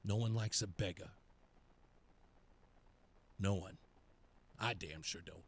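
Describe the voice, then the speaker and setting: A man's voice: fairly low pitch, slow. A male talk radio host delivering a taunting, sarcastic monologue.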